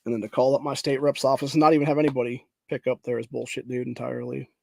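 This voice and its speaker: A man's voice: medium pitch, little pitch movement, quick pace, gravelly, dry recording. Profane ranting man, dry close sound. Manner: profane, repeats "dude", ranting; reads headlines aloud. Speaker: political podcast host. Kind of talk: angry political rant.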